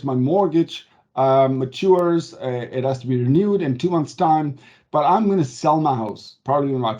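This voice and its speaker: A man's voice: mid-range voice, darkish tone, lo-fi sound. A man working as a mortgage advisor, explaining loans in a conversational way and often checking in with "okay?". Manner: emphatic, stresses key words. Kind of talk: explanatory talk to camera.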